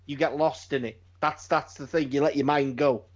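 A man's voice: fairly high pitch, steady tone, moderate pace. Sweary, emphatic man. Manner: sweary, emphatic, repeats himself. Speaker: podcast host. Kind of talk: casual chat. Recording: dull lo-fi sound.

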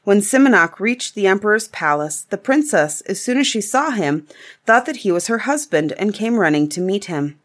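A woman reading a fairy tale aloud in a calm, measured storybook narration. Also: medium pitch.

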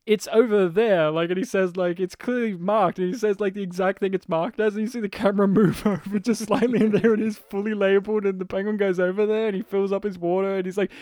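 A man in casual chat, talking fast and animatedly, laughing often and swearing casually. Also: sits high, level tone, a little mellow, no echo, studio quality. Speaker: podcast co-host discussing a film.

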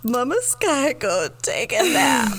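A woman's voice: sits high, very animated, breathy edge. A woman in casual chat who laughs easily and teases her friend. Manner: quick to laugh, teasing. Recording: loud background noise.

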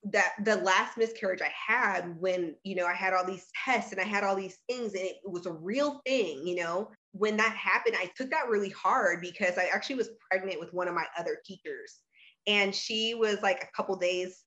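A woman in her thirties candidly telling a personal story in conversation, earnest, with quick bursts and many fillers. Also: mid-range voice, sharp tone. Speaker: guest sharing her story.

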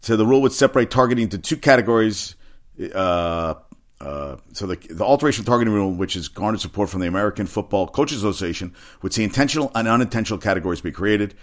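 A man who works as a personal trainer, talking casually about sports in a rambling, excitable way with frequent swearing. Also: fairly low pitch, fast talker. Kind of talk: casual sports chat monologue.

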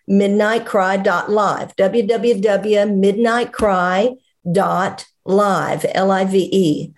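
A woman's voice: mid-range voice, fairly even intonation, slow. A woman, a pastor guest in a casual interview, who calls people darling and often hesitates mid-sentence.

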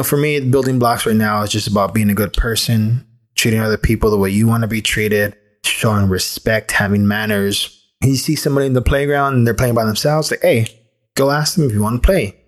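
A man in his thirties, from the United States, giving a candid, rambling personal monologue as a podcast host, with frequent restarts. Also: medium pitch.

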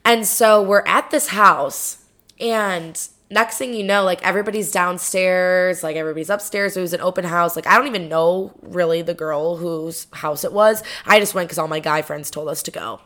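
A woman's voice: lowish voice, moderate pace, a bit bright. A young woman telling a casual story with plenty of fillers and swearing. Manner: chatty, lots of fillers and swearing.

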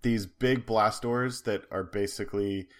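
Low-voiced rambling podcast co-host man. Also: steady tone, unhurried. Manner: rambling storyteller, many ums and restarts. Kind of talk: casual chat.

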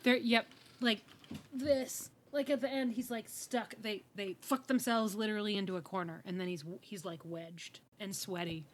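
A woman hosting a casual podcast chat over a video call, animated and quick to laugh. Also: medium pitch, a little hiss or hum. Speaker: podcast host.

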